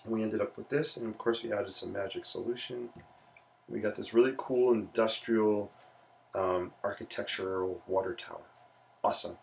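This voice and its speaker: Man, low gravelly voice, relaxed playful art-stream host; slightly distant mic with faint noise. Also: moderate pace. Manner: relaxed, chatty, playful asides. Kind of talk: casual live sketching stream.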